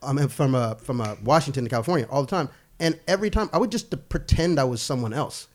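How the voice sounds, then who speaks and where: A man's voice: medium pitch, fast. A young man, a podcast guest, telling stories in casual chat, laughing and swearing freely.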